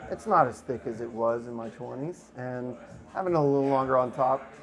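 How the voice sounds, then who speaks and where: A man's voice: mid-range voice, normal speed. Friendly man in a barber's chair. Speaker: barbershop client.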